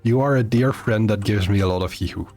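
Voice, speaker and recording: A man chatting to viewers on a live game stream, halting often with fillers and restarts. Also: lowish voice, a little mellow, faint music behind. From Netherlands. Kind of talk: live gameplay stream chat.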